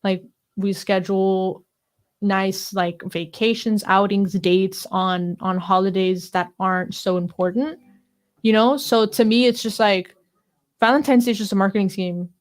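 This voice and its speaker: A woman co-hosting a podcast in casual chat, talkative and expressive, with lots of "like" and "you know". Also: medium pitch, measured pace. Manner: chatty, fills talk with "like" and "you know"; expressive, gasps and laughs while talking. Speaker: podcast co-host.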